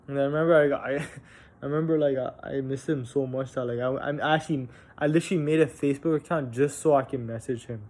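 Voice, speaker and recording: This vlogger is a young man recounting something personal, stumbling through restarts, fillers and offhand curses with candor. He speaks at medium pitch, evenly, and sounds a little mellow.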